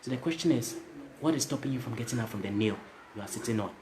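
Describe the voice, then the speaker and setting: At a quick pace and over background noise, a man with a medium-pitched voice delivers a motivational story to his livestream audience. He addresses viewers directly, goes over the same points repeatedly and caps lines with "right?".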